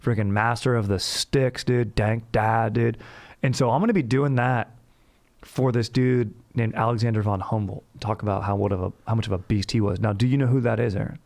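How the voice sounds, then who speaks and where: A man's voice: on the low side, fairly even intonation, a little fast, creaky, a little mellow. A young man hosting a casual storytelling podcast, hyped and slangy, swearing casually and saying dude constantly. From Orange County, California. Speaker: podcast host.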